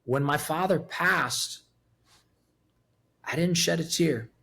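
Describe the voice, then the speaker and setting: Man, 50s, interview guest; profane, emotionally raw, slightly high voice. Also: slow, creaky, bright, forceful tone. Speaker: podcast guest. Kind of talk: candid interview talk.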